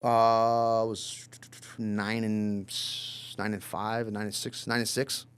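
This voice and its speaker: A man, a professional fighter, telling stories in a loose, casual podcast interview, swearing freely and filling pauses with fillers. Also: lowish voice, clean tone. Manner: relaxed, loose and profane, lots of fillers.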